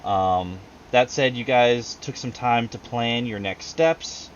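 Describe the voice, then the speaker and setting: A man's voice: medium pitch, slow pace, highs cut off, slight background noise. A man running a tabletop game over a video call, talking loosely with lots of fillers and laughing at himself. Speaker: game master. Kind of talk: casual tabletop game narration.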